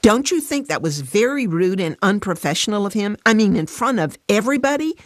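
A woman voicing an upset, defensive working mother who protests in a high, emotional voice. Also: expressive, moderate pace, no echo, studio quality. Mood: frustrated, defensive.

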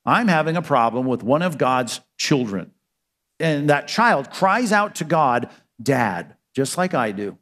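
A man preaches a sermon with earnest emphasis, posing questions and answering them himself. His voice sits a little high for a man. The sound carries a long reverb, as if in a large church hall. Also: big pitch swings, measured pace, fairly bright tone. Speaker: pastor.

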